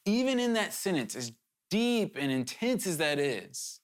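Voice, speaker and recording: A man's voice: sits high, big pitch swings, measured pace. Earnest man preaching a sermon. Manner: earnest and urgent, with sudden emphatic rises; conversational, with candid asides and restarts.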